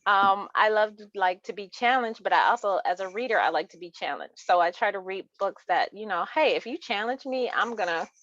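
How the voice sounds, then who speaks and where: A woman's voice: mid-range voice, brisk, few pauses, a bit bright, no echo, dull audio. Chatty woman author, laughing often. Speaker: author and interview guest. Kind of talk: casual chat about books.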